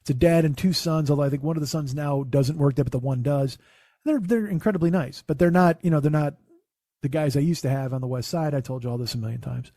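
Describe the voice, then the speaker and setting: A comedian hosting his own podcast tells a rambling, profane story, constantly interrupting and restarting himself in a casual comic style. His voice is on the high side, quick and mellow, with no echo.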